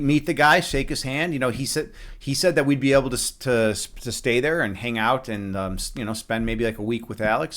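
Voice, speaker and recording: A man's voice: medium pitch, a bit bright. A man live streaming a chess game, chatting casually from his home setup, rambling with lots of restarts and the odd swear word.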